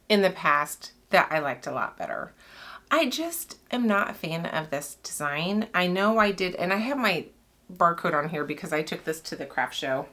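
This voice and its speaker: A young adult soap maker chats casually with her channel while cutting soap, rambling, laughing often and a little out of breath. Her voice is mid-range, a bit bright, at a normal speed.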